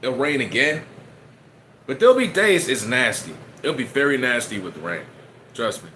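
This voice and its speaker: A man's voice: medium pitch, big pitch swings, normal speed, bright, forceful tone, a little hiss or hum. A man, streaming and chatting casually to his viewers, rambling and joking as he eats. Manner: rambling, joking, talks while eating.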